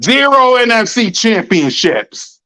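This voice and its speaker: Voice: medium pitch, sing-song, slow pace, sharp tone, poor audio. Heated sports podcast host. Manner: heated, emphatic, repetitive. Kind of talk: ranting sports talk.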